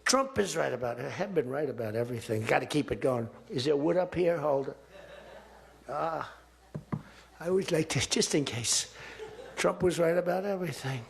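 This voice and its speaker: A man's voice: on the high side, lively intonation, normal speed, creaky. A man giving a rambling, boastful, off-the-cuff political speech in a large auditorium, full of repetition. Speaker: political speaker.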